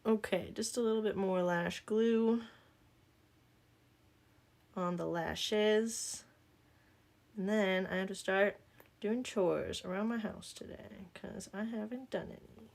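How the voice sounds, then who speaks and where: Southern woman, vlogger type, gravelly fry in her voice, joking and rambling as she works. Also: mid-range voice, fairly even intonation, slow, pauses often, darkish tone. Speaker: makeup vlogger. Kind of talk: casual chatty tutorial.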